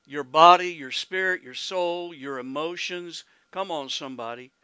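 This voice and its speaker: Preaching with an Oklahoman accent, this pastor is folksy and exclamatory, laughing readily, shouting hallelujahs, and calling out to the congregation. His voice is fairly high and sharp, clean and echo-free, at a moderate pace.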